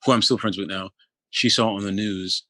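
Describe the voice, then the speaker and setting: A man in his thirties from the Philadelphia area, telling his own story as an interview guest in a halting, loose way full of restarts. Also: fairly low pitch, fairly even intonation, sharp tone, dry recording. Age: 30s. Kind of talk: telling a personal story in conversation.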